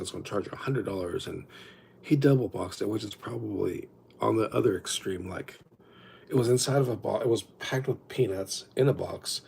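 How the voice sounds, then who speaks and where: A man's voice: on the low side, creaky, a little mellow, a little hiss or hum. A man hosting a livestream, telling rambling stories with lots of restarts in a casual chat. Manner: rambling, self-interrupting storyteller. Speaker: livestream host.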